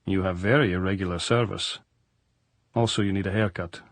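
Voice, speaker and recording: A man's voice: sits low, steady tone, a little fast, dry recording. A man voicing a blunt middle-aged general who teases dryly in stiff, formal broken English, in an audiobook. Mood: dryly teasing.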